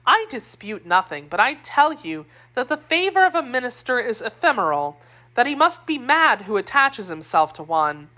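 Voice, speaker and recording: A fiery young wife, read by a woman narrator who is indignant, scornful and passionate. Her pitch rises and falls sharply as she argues. A storybook heroine with a sharp tongue. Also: very animated, moderate pace. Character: spirited young woman, loyal to her queen.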